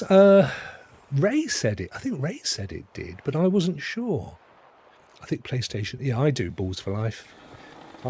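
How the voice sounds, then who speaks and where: A man's voice: mid-range voice, darkish tone, husky. Chatty man commenting on a game. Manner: chatty, rambling, self-correcting. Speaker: gaming streamer host. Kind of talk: casual gameplay commentary.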